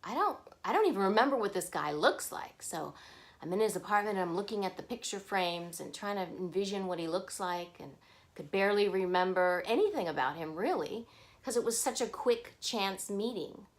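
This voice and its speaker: Animated woman telling a personal story. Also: mid-range voice, normal speed. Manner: animated, acts out the people she quotes. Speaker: vlogger.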